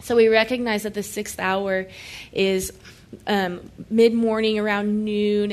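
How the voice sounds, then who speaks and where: A woman of ordinary middle pitch leads a Bible study, reading scripture aloud and unpacking it in plain conversational talk. Now and then she slips into lively everyday voices to paraphrase the people in the story. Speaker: Bible teacher.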